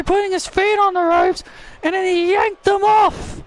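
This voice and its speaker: Very high-pitched excitable male commentator. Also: unhurried, a little hiss or hum. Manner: excitable, often shouting, with stumbles and repeats. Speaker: wrestling commentator and channel host. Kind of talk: excited play-by-play commentary of a video game match.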